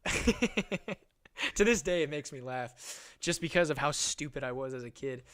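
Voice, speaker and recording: A man's voice: on the high side, animated, unhurried, a bit bright. A young man hosting a podcast, telling a rambling story in casual chat, swearing and laughing often. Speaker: podcast host.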